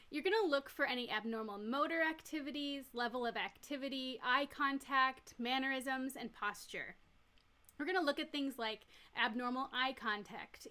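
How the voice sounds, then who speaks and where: Female nurse educator, somewhat high and bright voice, plain step-by-step lecturing. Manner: clear, step-by-step explaining with everyday examples. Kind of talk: recorded teaching lecture.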